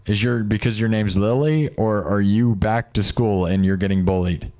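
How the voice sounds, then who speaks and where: In a lowish, dark-toned voice at a moderate pace, a young livestream host reads out viewer comments, joking and rambling casually and throwing out rhetorical questions.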